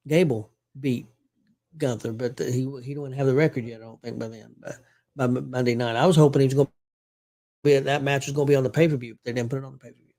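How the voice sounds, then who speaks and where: A man's voice: medium pitch, a little mellow. A man hosting a casual sports talk show, rambling with fillers and self-corrections. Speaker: show host.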